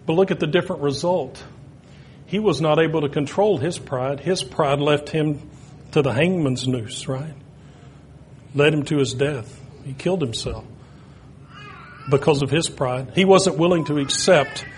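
A man preaching a sermon, retelling stories and building to loud, emphatic peaks. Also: fairly high pitch, a little slow, long pauses, slight background noise.

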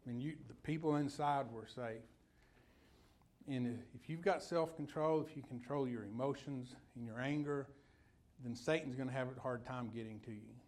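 A man's voice: medium pitch, normal speed, a little mellow. A man preaching a sermon in a folksy, conversational way, telling personal stories and putting questions to his listeners.

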